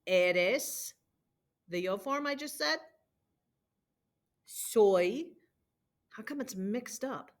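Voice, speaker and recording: A woman's voice: mid-range voice, animated, extremely slow, long pauses. Woman teacher drilling verb forms. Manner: patient, drilling conjugations aloud. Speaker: Spanish teacher. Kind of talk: recorded homework walkthrough.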